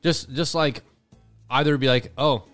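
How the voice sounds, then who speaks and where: A man co-hosting a relaxed podcast chat, lively and quick to restart his sentences. His pitch sits in a middle range. Soft music plays faintly behind him. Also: no room sound. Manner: animated, quick restarts and playful voices. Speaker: podcast co-host.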